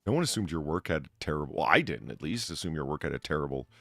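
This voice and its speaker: A man's voice: a bass voice, big pitch swings, quick pace, creaky, fairly bright tone, dry recording, soft background music. A man hosting a casual live stream, thanking donors and rambling in a self-deprecating way. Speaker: bartender host.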